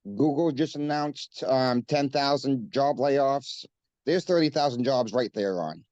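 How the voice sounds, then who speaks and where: A man's voice: mid-range voice, measured pace, a little mellow, no echo, dull audio. A man with a Maine accent, an interview guest talking earnestly with frequent fillers and repeating the host's name. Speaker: coin shop guest. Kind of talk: casual interview chat.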